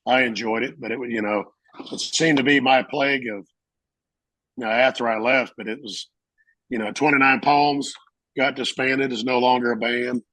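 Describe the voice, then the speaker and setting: Husky, animated storytelling man. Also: medium pitch, normal speed, no room sound, rough recording. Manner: animated storyteller, acts out voices, laughs often. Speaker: Marine veteran guest. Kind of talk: casual storytelling interview.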